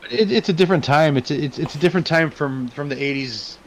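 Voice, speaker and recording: A man's voice: fairly high pitch, quick pace. A man co-hosting a casual movie review podcast who is easygoing and agreeable and often restarts his sentences. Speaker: podcast co-host. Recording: dull lo-fi sound with faint noise.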